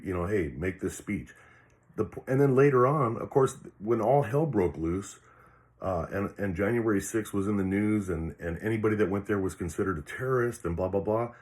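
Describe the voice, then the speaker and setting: An older man, a retired police officer, telling a personal story in a rambling, frank way, swearing freely and restarting his sentences with many fillers. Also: lowish voice. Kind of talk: casual storytelling monologue.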